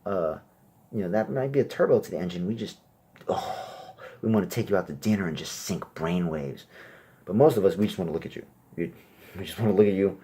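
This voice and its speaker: A young man performing a crude stand-up comedy set, brash, and loudly acting out little exchanges. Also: low-pitched, a little fast, husky. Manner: crude, brash, acts out exchanges in raised voices.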